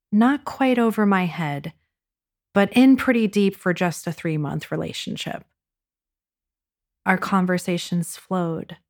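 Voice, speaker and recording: A woman hosting a podcast, narrating a personal dating story with intimate hushed passages and wry, sarcastic asides. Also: mid-range voice. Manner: intimate, dropping to a hushed whisper for racy moments. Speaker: podcast host.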